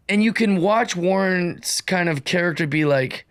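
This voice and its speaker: On his own show, a comedian in his forties delivers a loose, animated solo monologue, heavy on fillers and restarts. His voice sits high and moves fairly quickly with hardly any pauses, in a dry, studio-quality recording.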